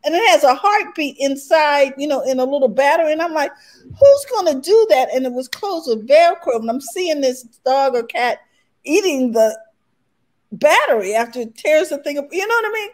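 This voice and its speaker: A woman's voice: sits high, lively intonation, normal speed. A woman hosting a casual panel discussion, chatty and given to storytelling. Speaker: show host.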